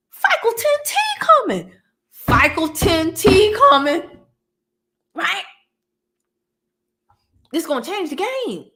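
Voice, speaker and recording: A woman's voice: a little high, fairly bright tone. A woman, hosting a live stream, chatting casually with her viewers and laughing often.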